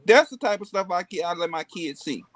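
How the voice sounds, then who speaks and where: A man's voice: sits high, lively intonation, a little fast, a bit bright, no room sound. A man, sharing a folksy family story in casual podcast chat. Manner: folksy, tells a family anecdote.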